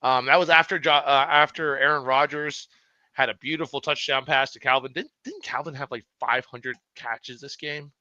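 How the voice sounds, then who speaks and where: A man co-hosting a casual sports podcast, excitable and swearing freely, with quick asides. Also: mid-range voice, no echo, dull audio. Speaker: podcast co-host.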